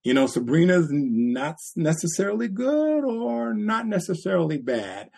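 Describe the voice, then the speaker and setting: A man's voice: sits high, normal speed, creaky, slightly rough. A man co-hosting a podcast, telling stories in casual chat and acting out quotes with a laugh. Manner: animated storytelling, acts out quotes with laughs. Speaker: podcast co-host.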